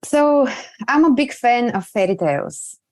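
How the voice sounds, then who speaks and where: A woman guest speaking on a remote podcast interview, earnest and reflective, with halting restarts. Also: a little high, sing-song, a little mellow.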